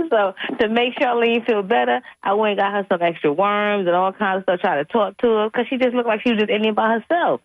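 A woman's voice: mid-range voice, brisk, few pauses, no room sound. A middle-aged woman co-hosts a radio chat, spinning a story with lots of laughter and acted-out voices. She sounds thin and narrow, as if heard over a phone line. The sound is dry and close, with no room around it. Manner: animated storyteller, laughs often, acts out voices. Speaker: radio co-host.

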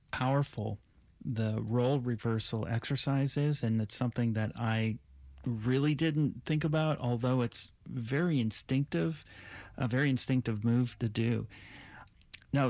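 A man hosting an interview, telling a personal story in a measured way to set up his question to the guest. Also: mid-range voice, a little mellow, no room sound.

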